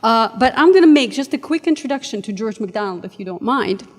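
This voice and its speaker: A woman's voice: on the high side, fast talker. Hesitant woman lecturing in a reverberant hall. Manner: friendly, hesitant with fillers, reads quotes with animated emphasis. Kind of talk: university lecture. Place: lecture room.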